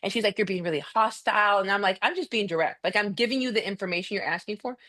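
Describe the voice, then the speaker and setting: A woman, a mediator and former coach, talking in a direct, animated way as a podcast guest. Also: mid-range voice, very fast. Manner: direct, animated storytelling with acted quotes. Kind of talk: casual conversation.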